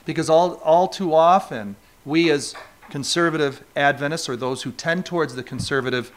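A man's voice: on the high side, moderate pace. A man from New York State preaching a sermon, talking conversationally and asking the congregation rhetorical questions. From New York State, USA. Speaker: pastor.

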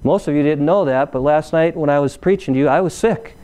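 A man's voice: a little high, a little fast, mellow, smooth. A man preaching a sermon in a conversational way, often tossing questions to the congregation. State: recovering from illness.

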